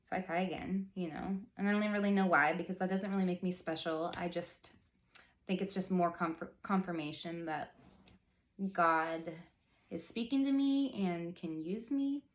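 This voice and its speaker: A woman's voice: lowish voice, normal speed, reverberant. A woman in her thirties telling a personal faith story in a casual, rambling vlog style, full of "like" and earnest asides. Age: 30s. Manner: chatty, rambling, heavy use of "like", earnest. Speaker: faith vlogger.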